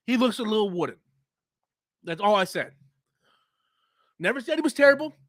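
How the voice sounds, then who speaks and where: A man's voice: sits high, very animated, normal speed, fairly bright tone, no room sound. Profane heated male streamer, dry sound. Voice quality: coughs often. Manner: heated, profane, mouth-breathing. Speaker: live stream host. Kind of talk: casual live stream rant.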